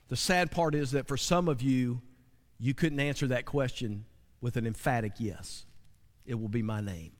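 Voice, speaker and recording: A man preaching a sermon, animated and full of call-and-response asides to the congregation. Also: high voice. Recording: long hall reverb.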